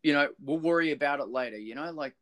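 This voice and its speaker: A man's voice: fairly high pitch, quick pace, fairly bright tone, no room sound. A man hosting a casual music interview, enthusiastic and effusive with lots of praise. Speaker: interviewer host.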